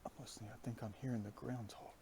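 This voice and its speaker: Hushed, half-whispering man outdoors. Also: on the low side, fairly even intonation, fast talker, slight background noise. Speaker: vlogger. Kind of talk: musing outdoor vlog. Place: outdoors on a foggy hillside. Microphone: iPhone with plugged-in headset.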